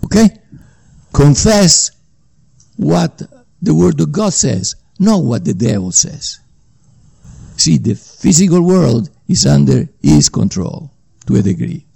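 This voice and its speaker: A man preaches a Bible teaching sermon, rambling and repeating himself while checking in with listeners through "okay?" and "you know." His fairly high voice is very animated yet slow, gravelly, mellow, and slightly rough.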